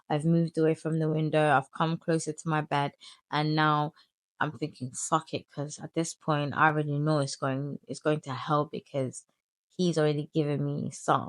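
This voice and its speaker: A young woman telling her life story in a candid, animated vlog, full of slang and crude asides. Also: low-pitched, no echo, studio quality. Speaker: vlogger.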